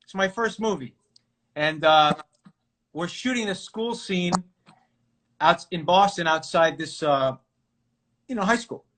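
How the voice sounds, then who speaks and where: A middle-aged man from New York, an actor guest telling stories casually on a live video call, animated and full of fillers and restarts. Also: high voice, measured pace, long pauses, noisy background. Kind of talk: casual storytelling interview.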